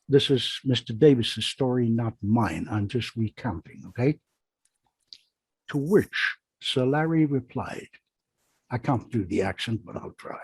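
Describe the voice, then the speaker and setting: Man, husky voice, dry sound, rambling anecdotal storyteller, video call panel chat. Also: mid-range voice, unhurried, no room sound. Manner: rambling storyteller with self-corrections. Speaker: magician and panel guest.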